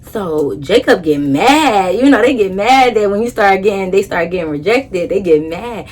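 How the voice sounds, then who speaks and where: Animated woman telling a storytime. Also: mid-range voice, moderate pace, hardly any pauses. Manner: animated, emphatic, blunt with heavy swearing. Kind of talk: casual storytime.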